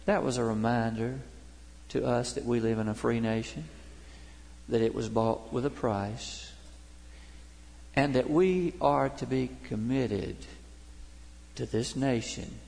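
A man's voice: mid-range voice, slow pace, vocal fry, pauses often, a little mellow. An older man preaching a sermon, telling folksy stories and jokes to his congregation. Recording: long hall reverb.

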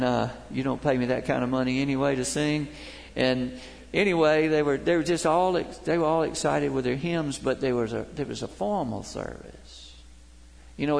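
A man's voice: medium pitch, normal speed, creaky. An older man preaching a sermon, telling folksy stories and jokes to his congregation. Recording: long hall reverb.

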